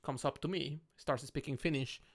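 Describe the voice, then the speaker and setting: A man's voice: fairly high pitch, moderate pace. A man from Mexico with a Mexican accent, co-hosting a casual podcast chat over drinks and acting out the people in his stories. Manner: animated storytelling, acting out quoted people. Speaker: podcast co-host.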